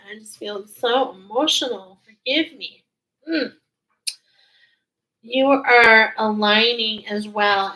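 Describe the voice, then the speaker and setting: Woman, intuitive card reader. Bright, forward tone, unhurried pace, earnest and heartfelt casual spiritual chat. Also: medium pitch, poor audio. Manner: earnest, heartfelt, meandering delivery.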